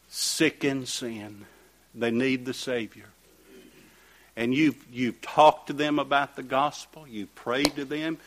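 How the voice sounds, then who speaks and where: Reading from scripture in King James phrasing, a preacher with a voice of middle pitch asks rhetorical questions throughout. Loud, emphatic surges alternate with soft, murmured asides.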